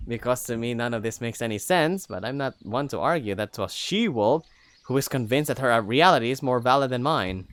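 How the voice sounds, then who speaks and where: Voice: medium pitch, lively intonation, brisk, no echo, clean studio sound. A narrator reading a fantasy story aloud in the first person, wry and exasperated. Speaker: narrator and reader.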